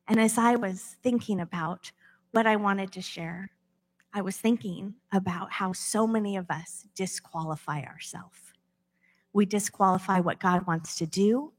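A woman's voice: mid-range voice, unhurried, breathy edge. A woman pastor preaching a sermon from a church stage, impassioned, acting out inner voices with big swings in tone.

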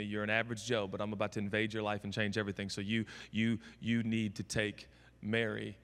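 Male preacher, lively, bright sharp tone, joking sermon, echoey big room. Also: on the low side, quick pace. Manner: animated comic storytelling preacher. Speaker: pastor. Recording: long hall reverb.

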